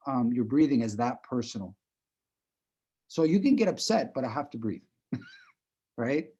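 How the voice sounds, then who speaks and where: A man with a dark, mellow voice coaches breathing in a relaxed, chatty way, tagging his points with "right?". The sound is dull and lo-fi, like a video call. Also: medium pitch, breathy edge. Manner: conversational, repeats "right?" often, chuckles while explaining. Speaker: breathing instructor. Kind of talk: live online class.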